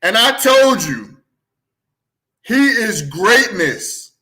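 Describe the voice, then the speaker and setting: A man hosting a sports talk show, hyped and loud, drawing out his phrases slowly and breaking into shouts, a little out of breath. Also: high-pitched, very animated. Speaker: sports podcast host.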